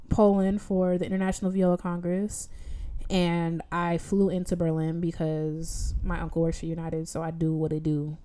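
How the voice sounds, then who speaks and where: A young woman from Chicago telling a story in casual chat, slangy and expressive. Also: low voice.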